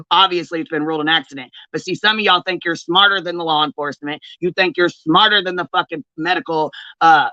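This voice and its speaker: A woman's voice: on the low side, bright, forceful tone, dry recording. Fired-up woman ranting on a stream. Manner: heated, profane, confrontational calling-out. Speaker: livestream host. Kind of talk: angry livestream rant. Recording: dull, lo-fi stream audio.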